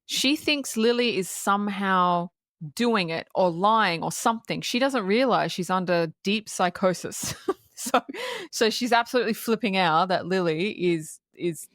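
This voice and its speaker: A woman's voice: medium pitch, a little slow, no echo, clean studio sound. Laughing, swearing woman podcast co-host. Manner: animated scene retelling with frequent laughs and swearing. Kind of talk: casual film-review chat.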